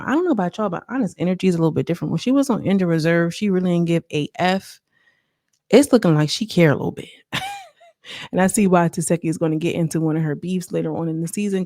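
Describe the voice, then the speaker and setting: A woman casually recapping a reality TV episode in a gossipy vlog, acting out the cast's lines in a higher voice. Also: warm tone. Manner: chatty, gossipy, acts out quotes with raised pitch. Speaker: reality TV reviewer.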